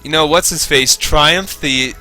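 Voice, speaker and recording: A man's voice: fairly high pitch, a little slow, sharp tone, faint music behind. A slightly tipsy man chatting casually while streaming a game, rambling, swearing and laughing. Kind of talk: casual chat while gaming.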